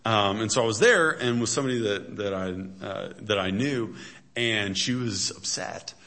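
Male pastor, middle-aged, chatty sermon full of jokes and fillers, crisp bright tone. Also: on the low side, normal speed. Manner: chatty, joking asides, many fillers and restarts. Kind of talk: casual humorous sermon.

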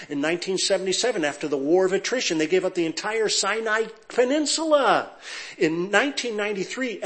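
A middle-aged man from Southern California, a pastor telling jokes and stories to his congregation. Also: high voice. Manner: lively storyteller, joking with the audience. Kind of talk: sermon with humorous anecdotes.

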